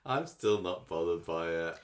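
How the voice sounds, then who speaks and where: A man with a very low voice co-hosting a casual podcast. He chips in with dry, wry remarks and laughs easily. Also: expressive, a little slow. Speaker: podcast co-host. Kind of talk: casual chat.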